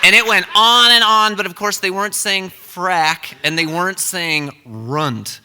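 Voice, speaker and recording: A man's voice: high voice, measured pace, big-room sound, crowd noise, noisy background. A young man telling a comic, self-deprecating story live on stage.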